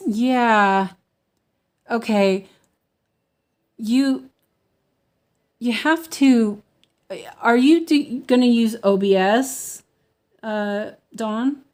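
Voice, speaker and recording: Female crafter on a casual livestream; unhurried, meandering delivery with slight lisp. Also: a little high, a little mellow. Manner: rambling, many fillers and restarts. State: slightly lispy from medicine. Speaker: cross-stitch livestreamer. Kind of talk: casual livestream chat while stitching.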